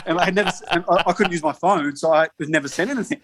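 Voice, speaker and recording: A man's voice: on the high side, brisk. A man in a podcast interview, telling rambling stories with heavy swearing and laughs between lines. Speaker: podcast guest, spirits company co-founder. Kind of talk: casual storytelling.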